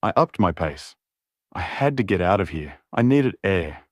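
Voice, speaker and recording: A man narrating a romance audiobook in the first person, steady and brooding. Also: sits low, unhurried, no room sound, clean studio sound.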